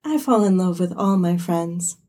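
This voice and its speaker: A woman's voice: lowish voice, unhurried, dark tone. A woman doing a weepy, gushing teen girl. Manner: tearful, gushing. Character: weepy, lovestruck young woman, teen friend.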